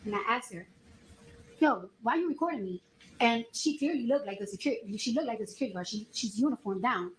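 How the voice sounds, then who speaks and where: A woman in her thirties on the witness stand, her voice pitched a little high as she tells her story in a lively, slangy way. She slips into the voices of the people in her account, and a faint hiss sits under her words. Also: quick pace, few pauses, rough recording. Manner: animated storytelling, acts out quoted dialogue in slang. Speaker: trial witness. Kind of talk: courtroom testimony. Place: courtroom.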